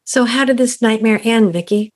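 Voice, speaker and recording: A woman's voice: a little high, normal speed. A woman hosting a talk segment, asking conversational, sympathetic questions of her guest. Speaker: host.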